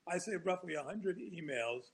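A man talks as a guest on a talk show, spinning long anecdotes that wander, restart and break into chuckles. His voice is gravelly and husky, pitched a bit high for a man. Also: animated, normal speed, rough recording. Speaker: author guest. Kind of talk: casual storytelling interview.

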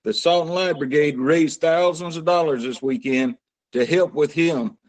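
A man who is a guest on a talk show makes a plain, earnest appeal. His voice sits a little higher than most men's. He keeps a steady pace and adds a few fillers as he goes. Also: moderate pace.

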